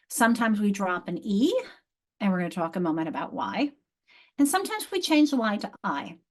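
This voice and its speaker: A woman's voice: medium pitch, a little mellow. A middle-aged woman leading a live online teacher workshop on a video call mic, explaining with emphasis and repeating key words. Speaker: literacy instructor leading teacher training.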